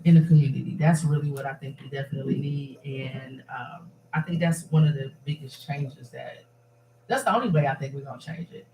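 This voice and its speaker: A man's voice: mid-range voice, a little fast, mellow. A man hosting a casual talk show, rambling and emphatic in an upbeat way. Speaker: host. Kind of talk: casual chat. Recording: echoey room with faint noise.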